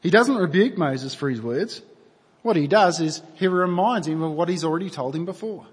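A man's voice: on the high side, expressive, moderate pace, breathy edge. A man preaching a sermon in an earnest, conversational way, asking his listeners rhetorical questions. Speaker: pastor. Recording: long hall reverb.

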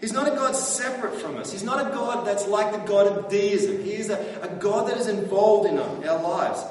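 A man's voice: sits high, moderate pace. A man preaching a sermon as pastor, talking in a conversational way and often asking the congregation questions. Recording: echoey hall from far off.

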